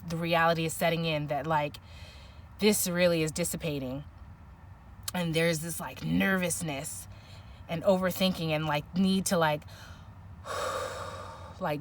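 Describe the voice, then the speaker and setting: Soft-spoken woman giving a tarot reading. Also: lowish voice, recorded from a distance, a little hiss or hum. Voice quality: soft, emotional at times. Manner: musing, searching for words, many restarts and "like". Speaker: tarot reader. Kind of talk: intuitive tarot reading monologue.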